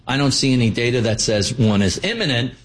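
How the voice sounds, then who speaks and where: A male finance guest with a mid-pitched voice, speaking bluntly with a sardonic edge. He rattles off statistics to make his point. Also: lively intonation, fast, low-quality recording. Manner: blunt and sardonic, lists figures. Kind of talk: interview answers.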